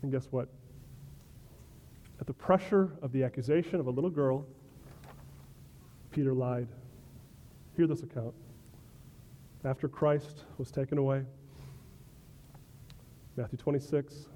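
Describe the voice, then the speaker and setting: A man's voice: medium pitch, measured pace, long pauses, mellow. A male pastor preaching a sermon in a conversational way, often checking in with "right?" and sometimes restarting words.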